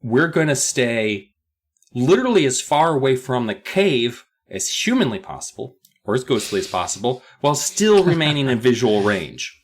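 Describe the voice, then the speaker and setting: A man's voice: mid-range voice, big pitch swings, normal speed. A man voicing a scheming boy who lays out a sneaky plan in a bossy, explaining way.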